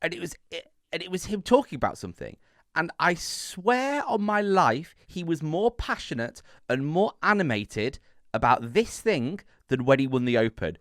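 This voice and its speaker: A young man co-hosting a podcast, telling stories in a playful, animated way. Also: on the high side, moderate pace, no echo, studio quality. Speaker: podcast co-host. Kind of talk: casual chat.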